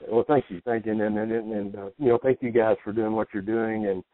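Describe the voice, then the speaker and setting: An older man with a deep voice talks with little rise and fall. He speaks haltingly and from the heart, as a guest on a radio show. His voice comes over a dry, thin, phone-like line. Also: fairly even intonation, no room sound. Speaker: guest, wrestling hall of famer.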